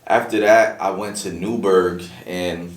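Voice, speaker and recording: Deep-voiced guy cussing and telling stories, sounds kinda far off in an echoey room. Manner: fast, profane street talk, animated storytelling. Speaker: battle rapper guest. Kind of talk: casual podcast interview. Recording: echoey room, distant from mic.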